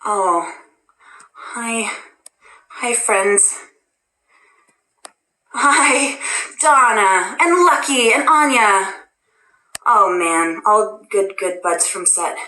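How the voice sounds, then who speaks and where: A woman's voice: mid-range voice, lively intonation, drawn-out words, pauses often, sharp tone. A woman hosting a casual livestream, answering fan questions in a bubbly, self-deprecating way with lots of "um"s. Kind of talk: casual chat. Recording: roomy echo.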